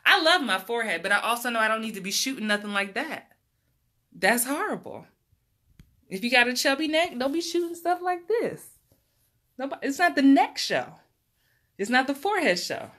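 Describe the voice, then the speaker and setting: Bright-voiced New woman chatting live. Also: on the high side, big pitch swings, moderate pace, long pauses. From New York. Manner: chatty, laughs often, reads out viewer comments. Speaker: acting coach. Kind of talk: casual livestream chat.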